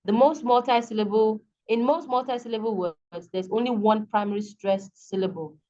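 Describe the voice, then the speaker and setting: A woman's voice: fairly high pitch, moderate pace, dark tone, lo-fi sound. A woman with a Nigerian accent teaching an online English lesson, explaining patiently and often checking that students understand. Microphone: video call.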